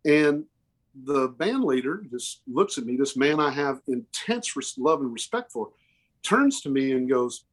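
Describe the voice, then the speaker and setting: A man's voice: mid-range voice, very animated. Earnest man in his fifties. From Oklahoma. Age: 50s. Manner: earnest, emotional, halting restarts. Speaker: musician guest. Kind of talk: candid interview storytelling.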